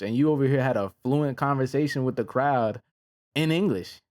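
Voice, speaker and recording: A man casually reviewing fight results in a laid-back, slangy way, with frequent pauses. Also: medium pitch, darkish tone. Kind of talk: casual reaction commentary.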